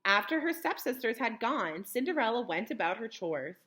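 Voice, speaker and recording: A young woman teacher reading a picture book aloud to children, pausing to explain words in simple terms. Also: fairly high pitch, sing-song, fairly bright tone.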